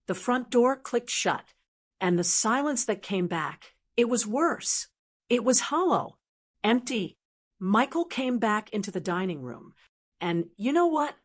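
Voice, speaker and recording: A woman in her sixties narrating a first-person family story in a measured, steady way. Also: medium pitch.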